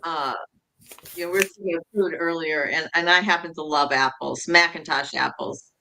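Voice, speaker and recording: A woman's voice: sits low, steady tone, moderate pace, vocal fry, pushed and bright. A middle-aged woman co-hosting a humor show, telling jokes in a rambling, self-amused way with many restarts. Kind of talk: casual joke-telling chat.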